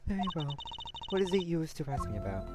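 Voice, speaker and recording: A game player reading a soft-spoken, calm foreign woman singer in a measured, formal way, over a noisy recording. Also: medium pitch, loud music behind the voice, close to an everyday voice.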